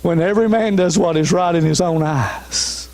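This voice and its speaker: High-voiced preacher man. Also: moderate pace, darkish tone. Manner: emphatic, repeats refrains, urges listeners to listen. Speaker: pastor. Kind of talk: sermon.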